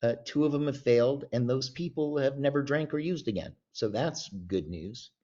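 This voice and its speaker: A man guest on a podcast, telling a story with emphatic, animated delivery and acting out the voices of the people in it. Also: mid-range voice, moderate pace. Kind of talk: storytelling in an interview. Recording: dull lo-fi sound.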